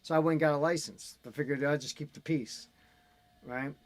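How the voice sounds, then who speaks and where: A man in casual chat, telling an animated, ranting story as host. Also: on the high side, brisk, dry recording.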